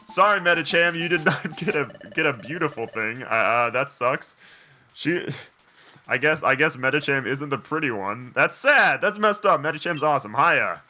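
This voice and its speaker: Man, let's play host, casual commentary, very bright voice, animated, reads dialogue aloud. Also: a little high, normal speed, soft background music. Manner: chatty, animated, joking asides.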